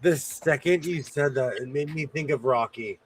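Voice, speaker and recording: A man's voice: mid-range voice, normal speed, slight background noise, rough recording. A man hosting a sewing show, chatting casually in a playful, teasing way and laughing often. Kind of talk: casual chat.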